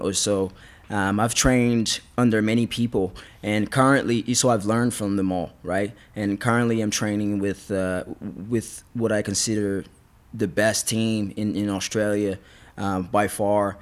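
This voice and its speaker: Rambling, slightly low-voiced man. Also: steady tone, measured pace. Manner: rambling, restarts, laughs often. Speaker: MMA fighter, podcast guest. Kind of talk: casual storytelling interview.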